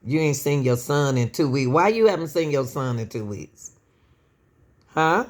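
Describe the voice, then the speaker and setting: In a low, expressive voice at a slightly slow pace, a woman hosts true-crime commentary straight to camera for her viewers. She keeps addressing them as "y'all" and tosses out rhetorical questions in emotional, casual talk.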